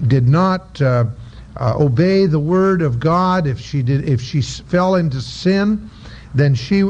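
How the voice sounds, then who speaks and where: Slow, halting preacher man on lo-fi tape. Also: on the high side, a little mellow. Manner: halting, with many filler sounds; reads scripture aloud between explanations. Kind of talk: Bible-study sermon. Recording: dull lo-fi recording with faint noise.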